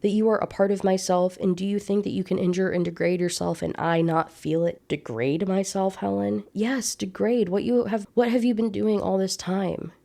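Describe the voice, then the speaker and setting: A woman's voice: mid-range voice, fairly even intonation, moderate pace, gravelly, hardly any pauses, dark tone, lightly acted. A woman reading aloud the lines of an earnest, reproachful Victorian wife in a slightly raised voice.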